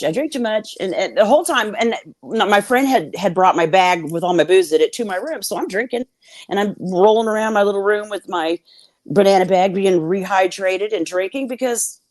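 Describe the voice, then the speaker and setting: A woman's voice: mid-range voice, no echo, studio quality. A woman guest telling her story candidly on a video call. She swears freely and acts out the lines of the people in it. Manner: blunt, swears freely, acts out quoted dialogue.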